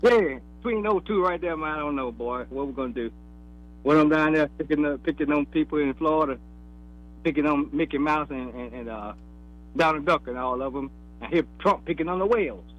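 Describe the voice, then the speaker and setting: A man's voice: fairly high pitch, a little fast, lo-fi sound. A man, calling in to a radio talk show and teasing the host in folksy slang. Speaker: caller. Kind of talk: casual call-in banter.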